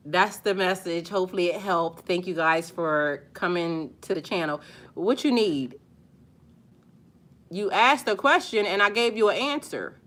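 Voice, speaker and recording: A middle-aged woman hosts a spiritual live stream, talking back bluntly and with sass to viewers' comments, and her voice climbs loud and high whenever she gets worked up.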